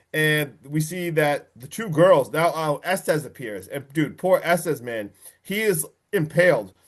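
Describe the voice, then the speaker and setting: A man hosting a podcast, excitedly recapping a horror film, swearing and acting out quotes. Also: fairly high pitch. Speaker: podcast host.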